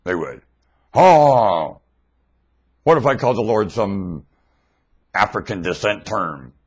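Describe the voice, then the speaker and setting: A man recorded on a webcam mic at home, rambling in a monologue that swings between loud outbursts and mumbling. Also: lowish voice, animated, takes it slowly, husky, muffled recording.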